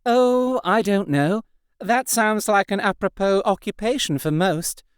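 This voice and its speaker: A man voicing a dry, sharp-tongued young woman in an audiobook. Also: high-pitched, a little slow, clean tone, dry recording, voice pushed up. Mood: wry. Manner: dry, sardonic.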